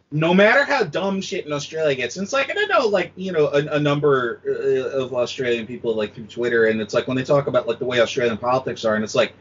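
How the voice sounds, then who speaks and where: Male critic as a podcast guest, lively and mocking, slightly raspy, lo-fi recording. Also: mid-range voice, fast talker. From United States. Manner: animated, sweary, mocking quoted voices. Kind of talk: casual podcast chat. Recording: dull lo-fi audio.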